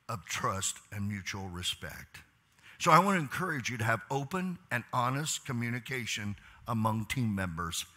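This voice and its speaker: A middle-aged man giving a leadership talk in church as a pastor, asking the crowd questions and moving between quiet asides and loud urging. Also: medium pitch.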